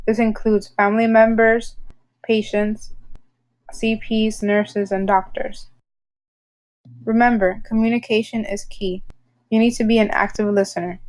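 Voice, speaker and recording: Calm woman giving a training lesson. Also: a little high. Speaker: healthcare training instructor. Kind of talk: scripted instructional narration.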